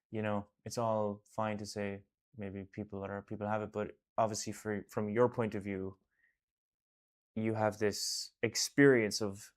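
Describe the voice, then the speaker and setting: A man in casual one-on-one talk, earnest and reassuring, rambling with fillers and restarts and repeating himself for emphasis. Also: fairly low pitch. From Ireland. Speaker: artist and host.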